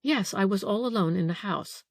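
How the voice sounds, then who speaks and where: A woman's voice: mid-range voice, normal speed, gravelly, no echo, clean studio sound. A woman reading an audiobook, voicing an old female housekeeper who grumbles, frets and takes offence easily. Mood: anxious.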